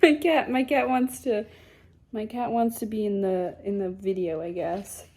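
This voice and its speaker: A woman's voice: mid-range voice, fairly even intonation, a little slow, darkish tone. A young woman casually summarizing and reviewing a book at home, chatty and sarcastic, with lots of filler words. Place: home with a cat nearby.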